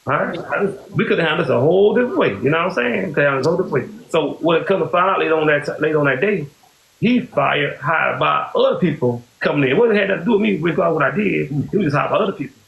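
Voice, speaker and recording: Gravelly-voiced man telling a long story. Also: a little high, expressive, quick pace, muffled recording. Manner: rambling, repeats "you know what I'm saying". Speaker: podcast host. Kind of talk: casual storytelling. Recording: echoey room with faint hiss.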